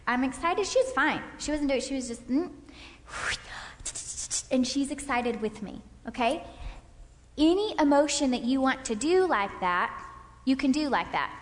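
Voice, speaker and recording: Woman, high voice, animated class leader acting out examples, reverberant hall. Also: normal speed, a little hiss or hum. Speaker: speaker leading a parenting class. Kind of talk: interactive faith-based lecture with volunteers. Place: stage in a large hall. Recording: hall reverb from a stage talk.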